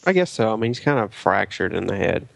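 A man's voice: on the low side, big pitch swings, quick pace, gravelly, dry recording. A man co-hosting a casual podcast chat, making dry, wry remarks. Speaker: podcast co-host.

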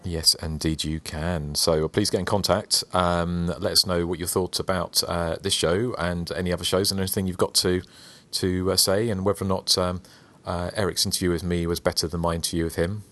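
A man's voice: low voice, flat delivery, brisk, few pauses, bright, forceful tone. A man hosting a podcast in casual chat, hesitant, with many fillers. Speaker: podcast host.

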